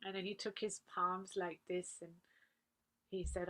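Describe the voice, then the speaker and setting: A woman, earnestly recalling personal memories as a guest speaker, laughing softly now and then. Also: on the low side, level tone, measured pace. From Australia. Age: 40s. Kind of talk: personal reminiscence talk.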